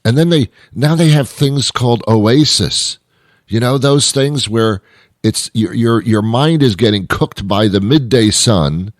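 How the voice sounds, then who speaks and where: Speaking unhurriedly in a mid-range voice, a man hosts his own show from a dry, studio-quality setup. His comedy monologue meanders, peppered with wry remarks and self-interruptions.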